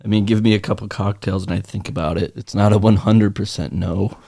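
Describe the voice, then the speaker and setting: A man co-hosting a podcast in a studio, telling jokes in a casual, deadpan way. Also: lowish voice, fairly quick, vocal fry, no echo. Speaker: podcast co-host. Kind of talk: casual joke-telling chat.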